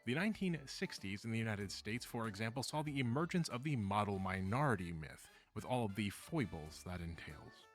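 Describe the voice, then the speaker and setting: A man giving scripted video-essay narration in a measured way, with dry, wry asides. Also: fairly low pitch, animated, faint music behind.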